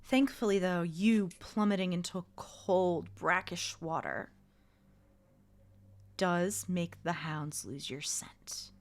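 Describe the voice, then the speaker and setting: Slow, measured woman game master. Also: lowish voice. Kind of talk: narrating a tabletop game.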